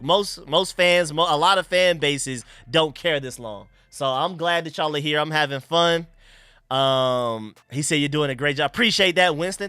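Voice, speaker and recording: A young man hosting a casual live stream, chatting excitedly and thanking donors. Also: fairly high pitch, smooth, no echo.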